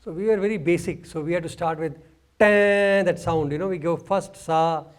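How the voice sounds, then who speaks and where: A man telling a lively personal story in a talk, acting out sounds and laughing along. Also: a little high, a little fast. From India. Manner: animated, mimics sounds, laughs while telling. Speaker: speaker.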